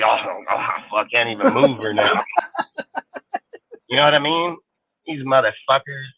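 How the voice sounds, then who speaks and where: A man's voice: mid-range voice, dry recording. A man hosting a live sports show, ranting heatedly and swearing constantly. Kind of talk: live stream rant. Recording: tinny phone-like sound.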